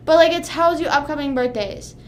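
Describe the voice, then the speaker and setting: A woman in her twenties chatting casually on a livestream, rambling and animated, with frequent swearing. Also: high-pitched, fairly quick, slight background noise. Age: 20s. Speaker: streamer.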